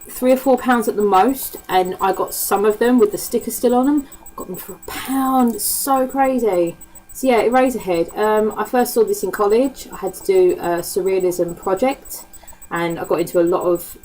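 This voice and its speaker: In poorly recorded casual chat, an East End woman with a Cockney accent talks to camera in a mid-range, darkish voice. She is chatty, swears freely, laughs frequently and leans heavily on ums and fillers.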